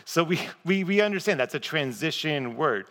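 A man's voice: on the high side, expressive, moderate pace, fairly bright tone. A man preaching a sermon in a casual, conversational, self-deprecating way. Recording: long reverb of a large hall.

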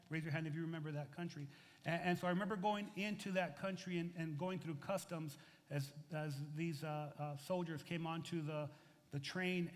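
High-voiced animated male pastor preaching. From United States. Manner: animated, rising and falling in loudness, conversational asides to the congregation. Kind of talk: sermon. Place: church sanctuary. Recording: reverberant hall.

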